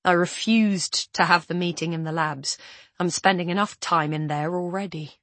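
A woman narrating a first-person novel in a measured, intimate storytelling manner. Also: fairly low pitch, a bit bright, no echo. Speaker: audiobook narrator.

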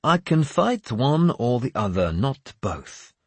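A man's voice: mid-range voice, sing-song, slow, darkish tone, slightly rough, no room sound, pitched above the performer's own voice, heavily acted. A man reading the lines of a proud young Norse warlord in an audiobook, with firm, matter-of-fact delivery. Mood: resolute.

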